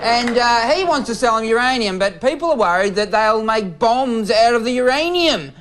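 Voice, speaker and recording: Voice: medium pitch, animated, moderate pace. An Australian comedian doing a rambling, self-mocking rant on a comedy show. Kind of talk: stand-up rant. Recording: loud audience and noise.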